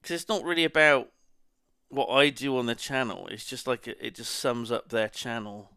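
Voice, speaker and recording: A man's voice: mid-range voice, normal speed, creaky, bright, forceful tone, clean tone, no echo, clean studio sound. A man chatting casually on a live stream, rambling and muttering to himself as he browses.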